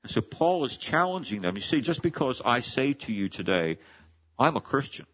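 A man's voice: medium pitch, sing-song, normal speed, breathy edge, highs cut off. A man preaching a sermon as pastor, explaining scripture earnestly and reading verses aloud with rising emphasis.

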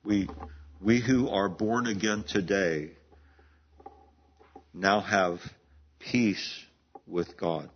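A man's voice: deep voice, steady tone, extremely slow, long pauses, muffled recording, a little hiss or hum. A man in his seventies preaching a sermon in a conversational, storytelling way, often restarting phrases and laughing. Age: 70s. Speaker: pastor.

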